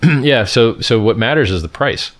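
A man's voice: medium pitch, animated, normal speed. A man from California hosting a casual livestream and answering viewer questions, talking emphatically, repeating his points and restarting sentences. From Stockton, California, USA.

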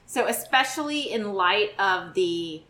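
A woman co-hosting a chatty podcast, her voice bright and forward. She talks casually and swears now and then, and she has the hiccups. The room around her rings with echo. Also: medium pitch, animated, measured pace. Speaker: podcast co-host. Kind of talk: casual chat.

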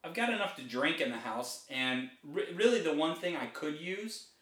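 Middle-aged man, casual podcast chat, rambling, slightly high voice, roomy sound, set back from the mic. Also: lively intonation, normal speed, fairly bright tone. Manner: rambling, repeats himself. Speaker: podcast co-host. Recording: roomy, a bit far from the mic.

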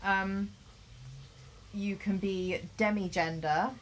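A woman's voice: mid-range voice, steady tone, slow, a little hiss or hum. A woman co-hosting a casual podcast chat, working through a list of terms in a chatty way and laughing easily. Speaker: podcast co-host.

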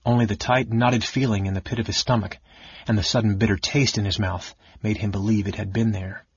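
A man narrating a fantasy novel audiobook in an even, steady storytelling manner. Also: fairly low pitch, fairly quick, breathy edge, dry recording. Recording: dull lo-fi audiobook recording.

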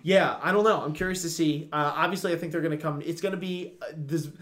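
A man's voice: fairly high pitch, fairly even intonation, fast talker, fairly bright tone. A young man co-hosting an anime discussion, chatting casually and ranting with lots of swearing. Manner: ranting, profane, mimics characters. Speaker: anime podcast co-host. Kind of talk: casual chat.

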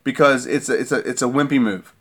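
A man in a worked-up football rant, his voice sitting in a middle pitch. He talks as an irate fan, hammering the same points over and over and checking in with a pointed "okay?". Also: quick pace, a bit bright. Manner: irate, repeats himself, keeps asking "okay?". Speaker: sports fan vlogger. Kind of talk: heated sports rant.

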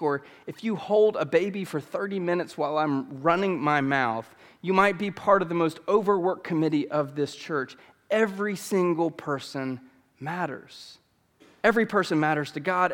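In a church sanctuary with a big-room sound, a pastor in his thirties preaches a sermon. His voice is a little high and a bit bright, and he speaks earnestly, repeating key phrases for emphasis.

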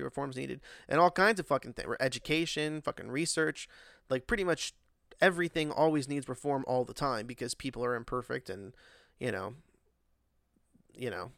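A man talks in a loose, profane monologue, circling back with fillers as his exasperation builds. His voice has a gravelly edge and sits mid-range. The recording is close and dry, with no room sound. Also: medium pitch, a bit bright, dry recording. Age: adult, working. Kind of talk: casual monologue rant.

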